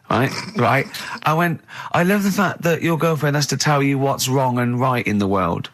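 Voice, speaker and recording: A man's voice: mid-range voice, moderate pace, hardly any pauses. A man with an English accent hosting a radio show, telling stories in a chatty, giggly way. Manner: chatty, giggly, animated storyteller. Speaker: radio host. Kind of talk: casual radio chat.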